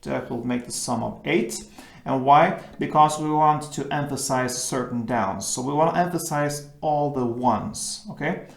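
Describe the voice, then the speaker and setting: Slow, gravelly man teaching guitar. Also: mid-range voice, reverberant. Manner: patient, step-by-step explaining of chords. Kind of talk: acoustic guitar tutorial.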